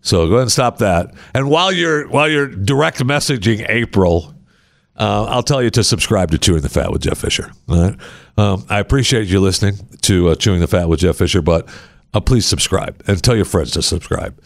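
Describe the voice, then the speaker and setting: A man's voice: on the low side, lively intonation, fairly quick, vocal fry, no echo, clean studio sound. A man hosting a talk podcast, rambling and sarcastic as he banters with his co-host. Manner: sarcastic, rambling, mock-pleading. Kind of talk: casual talk show banter.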